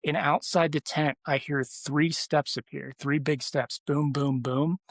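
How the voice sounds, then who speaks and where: A man's voice: fairly high pitch, steady tone, measured pace, no echo. A man who is a podcast guest, telling a personal story in casual conversation and rambling with many restarts and fillers.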